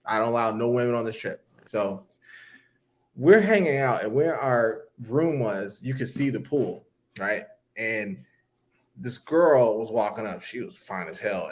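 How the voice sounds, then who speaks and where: Man, casual podcast storyteller, animated quoting, lively delivery. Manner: animated, acts out quotes with big pitch jumps. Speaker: podcast co-host telling a story.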